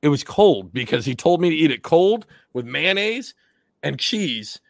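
A man's voice: a little high, big pitch swings, gravelly, no room sound. A man hosting a podcast, teasing his guest, swearing freely and laughing as he asks questions. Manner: quick-witted, teasing interviewer who swears and laughs often. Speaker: podcast host. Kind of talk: profane casual banter.

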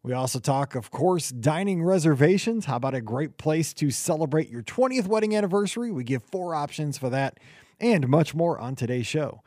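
A man hosting a podcast in upbeat chat, his voice a little hoarse from cheering. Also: fairly high pitch, normal speed, dry recording, studio quality. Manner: energetic, enthusiastic. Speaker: podcast host.

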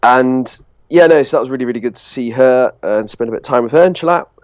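A man's voice: mid-range voice, quick pace, darkish tone. A young man co-hosting a podcast, chatting casually and a bit self-deprecatingly, his voice nasal from a cold. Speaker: podcast co-host. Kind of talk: casual chat.

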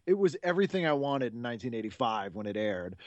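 A man's voice: mid-range voice, sing-song, fast, no room sound, highs cut off. A man in his forties hosting a podcast, chatting casually and enthusiastically, rambling and laughing often. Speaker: podcast host. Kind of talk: casual chat.

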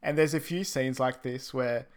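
Man, podcast co-host, relaxed chat, mid-range pitch, easygoing. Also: normal speed, clear, resonant tone. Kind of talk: casual film recap chat.

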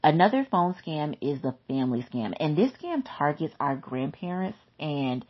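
A woman's voice: deep voice, very animated, moderate pace, highs cut off. A woman giving an instructional talk about scams, emphatic and chatty, repeating key points. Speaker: consumer safety educator.

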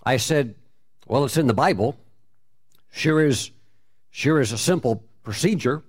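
A man's voice: mid-range voice, measured pace, husky. A man telling a personal testimony in a conversational way, with many fillers and restarts.

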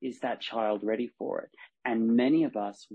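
A man, a horsemanship coach talking as a podcast guest, animated and acting out the lines in his stories. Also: mid-range voice, moderate pace, slightly rough. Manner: animated storyteller, acts out dialogue. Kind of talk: podcast conversation. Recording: dull lo-fi podcast sound.

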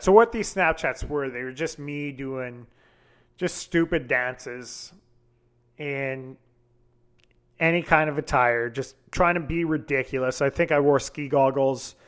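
A man's voice: mid-range voice, a bit bright. A man hosting a solo podcast, telling a story in a casual, candid way with frequent fillers and swearing. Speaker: podcast host.

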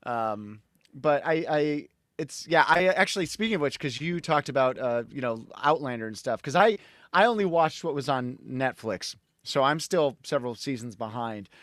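A middle-aged man from Connecticut, a podcast guest telling animated, rambling stories in casual conversation. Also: mid-range voice, normal speed, no room sound, clean studio sound. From Connecticut, USA.

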